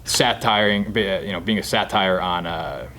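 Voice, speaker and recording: A man's voice: sits low, normal speed, gravelly. A man in his thirties from New Jersey, a guest comedian telling stories in casual chat, candid and swearing freely. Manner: relaxed, candid storyteller who swears freely.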